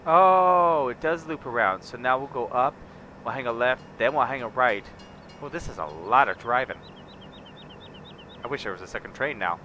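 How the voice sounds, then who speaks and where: A man's voice: medium pitch, moderate pace, pauses often, bright, forceful tone, muffled recording. A man streaming a farming game, muttering wry casual commentary to himself as he plays. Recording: noisy background.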